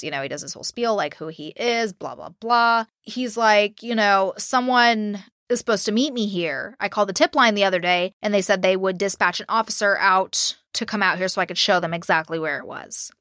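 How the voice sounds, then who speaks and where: Brief: casual podcast host, woman, bright and forceful voice, dry close sound, swears and mimics people as she tells the case. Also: mid-range voice, dry recording. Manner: chatty, profane, mock-quotes people. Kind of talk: casual true-crime storytelling.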